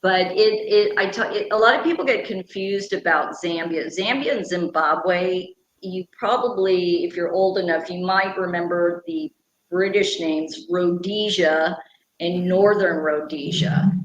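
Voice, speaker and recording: A woman's voice: fairly low pitch, a little slow, lo-fi sound. A middle-aged woman being interviewed, talking earnestly and at length about her conservation work. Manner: earnest, passionate, explains at length. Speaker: guest, radio personality and conservation founder. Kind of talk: conversational interview. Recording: echoey room, faint background hum.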